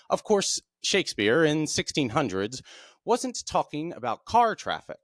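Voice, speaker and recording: A man hosting his own show, explaining texts in a plain, deliberate way. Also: dry recording, clean studio sound. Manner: plain, deliberate explaining with lively pitch swings. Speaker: podcast host. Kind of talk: explanatory monologue.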